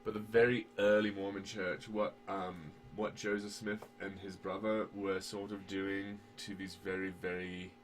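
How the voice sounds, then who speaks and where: A man chatting casually on a podcast, rambling with lots of fillers and swearing, and at times building into heated rants. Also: deep voice. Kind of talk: casual conversational podcast chat.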